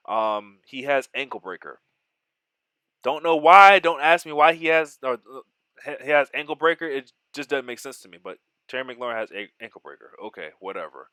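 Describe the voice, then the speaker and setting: A man giving excitable play-by-play of his own football video game, mixing in joking, self-deprecating asides. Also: mid-range voice, clear, resonant tone, dry recording. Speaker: gaming YouTuber.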